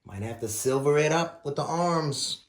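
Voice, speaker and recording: A man's voice: on the high side, lively intonation, normal speed. A man hosting a casual build tutorial, folksy and playful, with bursts of exclamation. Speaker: RC car builder, channel host.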